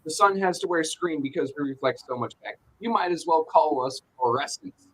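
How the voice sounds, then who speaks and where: A man's voice: on the high side, a little fast, fairly bright tone, slightly rough. A male show host ranting in casual chat, joking and swearing freely.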